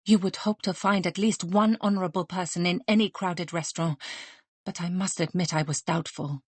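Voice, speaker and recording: A courtly, willowy restaurant manager, voiced by a woman for an audiobook, speaking in measured, decorous phrases. The voice sits low and slightly husky. It is recorded close and dry. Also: fairly even intonation, dry recording. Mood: grave. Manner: formal, decorous, measured speech.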